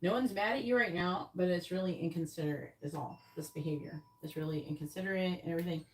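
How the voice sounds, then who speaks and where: A woman's voice: fairly low pitch, quick pace, distant mic. Female live-stream host, blunt and exasperated, echoey room, away from the mic. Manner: exasperated, scolding, blunt and profane. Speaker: tarot reader hosting a live stream. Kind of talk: live stream talking to chat. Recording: roomy echo, off mic.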